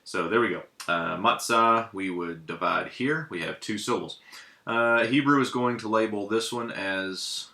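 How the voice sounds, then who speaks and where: A man teaching a casual lesson, pausing often with ums and uhs while he writes and explains. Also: on the low side, gravelly, bright, forceful tone. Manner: hesitant, many ums and uhs while writing. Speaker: Hebrew teacher. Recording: echoey room.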